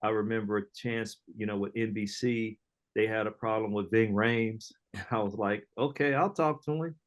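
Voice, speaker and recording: A man's voice: fairly low pitch, normal speed. Slangy middle-aged man telling stories. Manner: animated storyteller, slangy, acts out quoted voices, laughs often. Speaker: entrepreneur guest. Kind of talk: casual storytelling interview.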